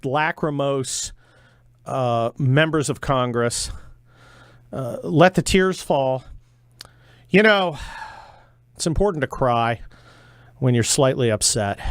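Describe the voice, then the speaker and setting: Middle-aged male radio host, animated and sarcastic, dry studio sound. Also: mid-range voice, dry recording. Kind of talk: talk radio monologue.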